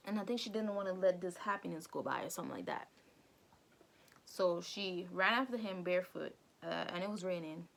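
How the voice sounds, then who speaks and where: A woman vlogger casually retelling an anime film, chatty and slangy with quick asides to her viewers. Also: on the low side, vocal fry, a bit bright. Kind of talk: casual movie recap commentary.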